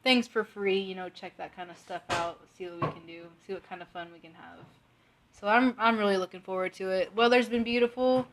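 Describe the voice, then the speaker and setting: A woman joins a casual home podcast and talks in an upbeat, chatty way. Her voice sits at an ordinary pitch for a woman. A faint hiss runs under the recording. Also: steady tone, a little fast. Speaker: podcast co-host. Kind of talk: casual chat.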